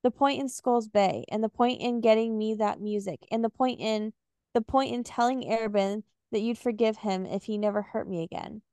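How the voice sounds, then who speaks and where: A woman's voice: fairly high pitch, moderate pace, dark tone, smooth, no room sound. A young woman co-hosting a podcast, recapping a novel and reading passages aloud with casual fillers. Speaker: podcast co-host.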